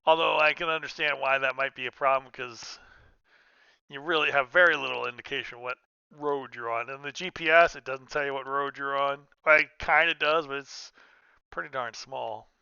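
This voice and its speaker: A man's voice: medium pitch, fairly even intonation, moderate pace, creaky, pushed and bright, smooth, no echo, dull audio. A man giving casual commentary while playing a trucking game, rambling and cutting himself off with restarts. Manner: rambling, self-interrupting, chatty. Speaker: gaming streamer.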